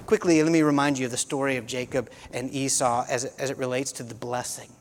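Chatty pastor preaching in a reverberant hall. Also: male voice, mid-range voice, steady tone, a little fast, a little hiss or hum. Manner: conversational, restarts phrases, peppered with "you know". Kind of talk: sermon.

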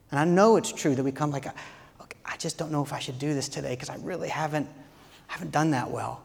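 A man preaching a sermon as a pastor, earnest, moving from quiet reflection to loud, impassioned appeals. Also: mid-range voice, vocal fry, big-room sound.

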